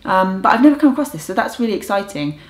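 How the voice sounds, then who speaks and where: A woman's voice: medium pitch, big pitch swings, fast. A young woman chatting casually in a vlog about her language learning, enthusiastic and trying out foreign words aloud. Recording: roomy echo.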